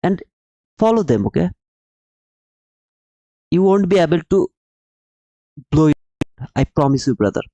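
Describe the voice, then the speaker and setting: A man's voice: fairly high pitch, sing-song, a little slow, pauses often, mellow, dry recording, lo-fi sound. A man hosting a live trading stream who explains the market emphatically, repeats his points and calls his viewers brother while answering the chat. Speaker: livestream trading host.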